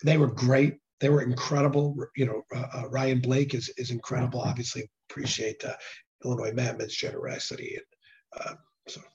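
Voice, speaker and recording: A hoarse man, a nonprofit director, talking earnestly in a casual interview and often restarting his sentences. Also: medium pitch, little pitch movement, moderate pace, a little mellow. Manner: earnest, with frequent restarts and fillers. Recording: dull lo-fi sound.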